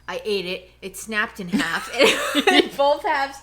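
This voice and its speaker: A woman co-hosting a casual podcast at home, ranting in a rambling, animated way into a cheap headphone mic. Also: medium pitch, slow. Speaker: podcast co-host.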